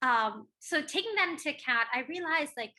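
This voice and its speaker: A young American woman talks as a guest on a casual podcast, bubbly and quick to laugh. Her voice sits high and bright, with plenty of fillers as she chats. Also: lively intonation. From United States. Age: young adult. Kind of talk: casual chat.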